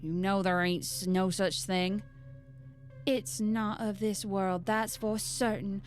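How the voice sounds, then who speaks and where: A woman voicing a gruff, stern old rural man who talks in a folksy way. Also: medium pitch, level tone, takes it slowly, soft background music, pitched below the performer's own voice, lightly acted.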